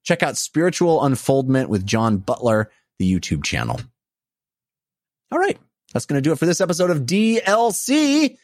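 A man's voice: mid-range voice, no echo, clean studio sound. A man hosting a casual podcast, talking loosely with frequent "uh" fillers. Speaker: podcast host.

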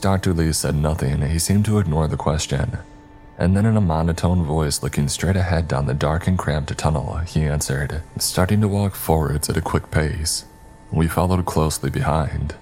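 A man narrating a scary story in a steady, even storytelling manner. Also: rumbling low, slight background noise. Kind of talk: scripted narration.

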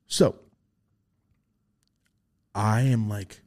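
A young man on a podcast telling a story in casual chat, swearing freely and acting out the voices he quotes. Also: fairly quick. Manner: animated, swearing, acts out quoted voices in a high pitch. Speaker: podcast host.

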